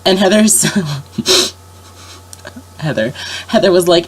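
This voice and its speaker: A woman's voice: fairly low pitch, expressive, slow, pauses often, breathy edge. Rambling young woman with a sick voice. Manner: rambling, lots of fillers and self-corrections. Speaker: vlogger. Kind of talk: casual storytelling chat.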